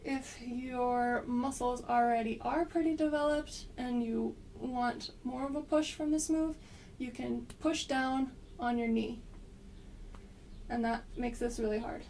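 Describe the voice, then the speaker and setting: A woman with a slight cold guiding an exercise class, giving gentle, unhurried cues with frequent pauses. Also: a little high, fairly even intonation, distant mic, slight background noise. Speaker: movement instructor.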